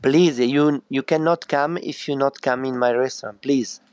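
A man from Italy, a chef, speaking halting English with a strong Italian accent and many fillers. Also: medium pitch, steady tone, a little mellow, clear, resonant tone, no echo. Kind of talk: remote interview.

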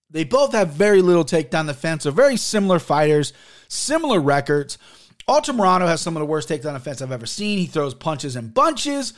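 A man in his thirties hosts a solo podcast. He talks in a casual, profane way and tells stories. His pitch runs a little high for a man, and his voice swoops up and down a lot. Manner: animated, profane, storytelling with voiced quotes. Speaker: podcast host.

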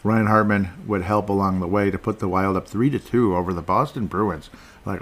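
A man's voice: low voice, fairly even intonation, normal speed, a bit bright. A man hosting a solo sports podcast, rambling and correcting himself with frequent chuckles. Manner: rambling, self-interrupting, chuckles often. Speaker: podcast host.

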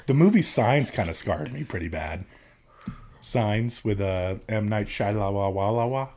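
A man's voice: fairly low pitch, very animated, unhurried, darkish tone, husky. A man hosting a casual chat, asking questions and joking around. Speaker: podcast host.

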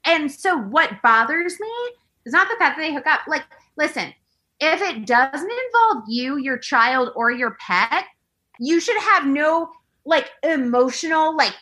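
A woman in casual chat, ranting fast and animated, full of fillers and swearing. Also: sits high, low-quality recording.

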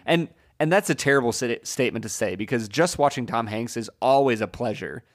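A man co-hosting a casual film podcast, sharing opinions in a relaxed way with dry humor. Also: medium pitch, fairly quick. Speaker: podcast co-host.

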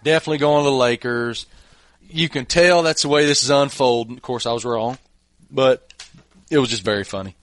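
A man's voice: mid-range voice, a little fast, fairly bright tone, no room sound. A middle-aged man hosting a podcast, casually telling a funny anecdote with chuckles along the way. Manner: laid-back, chuckling anecdotes. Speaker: podcast host. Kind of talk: casual storytelling chat.

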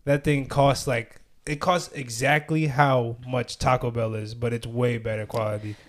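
A man's voice: mid-range voice, steady tone, moderate pace. A young man co-hosting a podcast, chatting casually with lots of slang and laughter. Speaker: podcast co-host.

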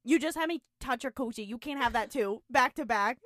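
A woman's voice: on the high side, fairly quick, fairly bright tone, no echo, studio quality. A woman co-hosting a podcast in casual chat, reacting with emphatic disbelief, recorded in person in a room. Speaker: podcast co-host. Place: indoor room shared in person.

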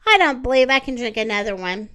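A woman voicing a kind, cheerful girl rag doll, gentle and hopeful in a storybook reading. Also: a little high, lively intonation, fast.

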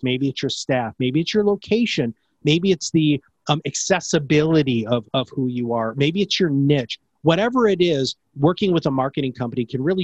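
A man who runs a podcast production company, answering interview questions in a fast, enthusiastic, salesy way. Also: on the high side, dry recording, highs cut off.

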